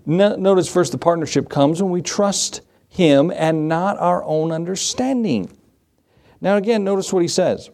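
Quizzing his congregation and tossing in jokes, a male pastor preaches a casual sermon in church. His voice is high-pitched and darkish, and he speaks at a normal speed.

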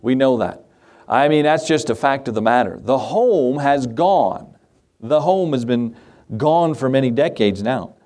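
A man's voice: medium pitch, expressive, a little slow, a little mellow. A middle-aged man, a pastor, preaching a sermon in a folksy, conversational way with chuckling asides.

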